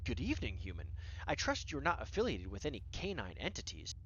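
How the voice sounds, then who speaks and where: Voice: medium pitch, wildly swooping pitch, fairly quick, highs cut off, slight background noise. A narrator voicing a regal, picky male talking alley cat with a British accent and a formal, haughty manner.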